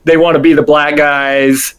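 A podcast co-host with a middle-pitched voice chatting casually about a movie. They muse aloud, hedge and lean on fillers as they talk. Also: flat delivery, moderate pace, smooth. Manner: musing, hedging with many fillers.

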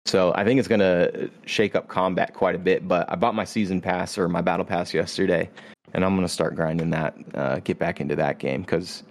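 A man's voice: low voice, fairly even intonation, fairly quick. A man hosting a casual podcast chat, explaining a video game at length with plenty of fillers. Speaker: podcast host. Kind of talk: casual chat about games.

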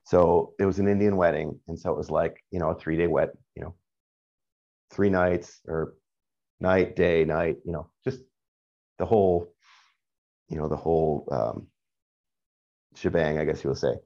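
A middle-aged man calls in to share a candid personal story, rambling casually with plenty of fillers and swearing. His voice is low, mellow, and creaky, holding a steady tone at a moderate pace with frequent pauses. The recording sounds dull and lo-fi.

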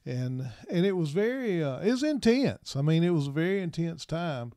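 Soft-spoken, halting middle-aged man. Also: a little high, sing-song, no room sound, studio quality. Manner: halting and soft-spoken, with many pauses and restarts. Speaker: minister and interview guest. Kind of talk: personal testimony in an interview.

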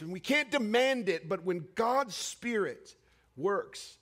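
A man preaching a sermon, telling a personal story with emotional swings between raised cries and hushed, quiet passages. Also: very animated, slow, slightly rough. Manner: emotional storytelling with sweeping highs and hushed lows.

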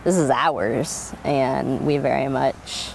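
Woman, 30s, from Oregon, interviewee, low voice, animated storyteller. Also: slow, vocal fry, a little hiss or hum. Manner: animated, laughs often, many fillers. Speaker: interviewee, winemaker. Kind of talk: oral history interview, casual storytelling.

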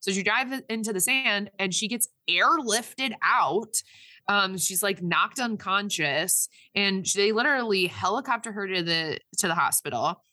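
A woman talks through a movie's plot in casual chat, her voice bright and forward. She rambles, restarts sentences and fills gaps with "like" and "um." The sound is close and dry, with no room around it. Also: mid-range voice, unhurried, dry recording. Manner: rambling, filler-heavy retelling with quoted voices.

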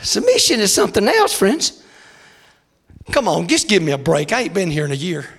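Man, preacher, high raspy voice, hollering revival sermon, voice worn thin. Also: wildly swooping pitch, moderate pace. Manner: shouting, sing-song preaching cadence. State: voice wearing out.

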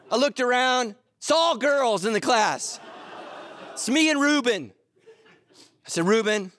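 A middle-aged man preaching a sermon, telling stories animatedly, moving between loud excitement and low, earnest intensity. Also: a little slow, long pauses, a little hiss or hum. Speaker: pastor.

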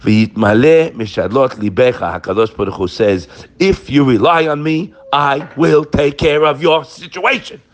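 A man's voice: medium pitch, moderate pace. A man giving an emphatic daily Torah talk, weaving Hebrew quotations into English and calling his listeners "guys". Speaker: Torah teacher.

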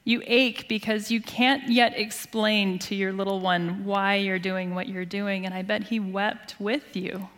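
A woman pastor preaching a sermon in an earnest, expressive storytelling manner, dropping to a hushed voice at tender moments. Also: mid-range voice, measured pace, hardly any pauses. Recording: long hall reverb.

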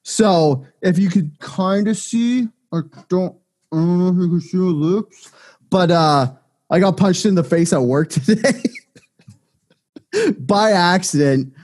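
A man with a somewhat high voice, chatting on a casual podcast. He tells crude stories in a joking, rambling way. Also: measured pace, a little mellow. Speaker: podcast co-host.

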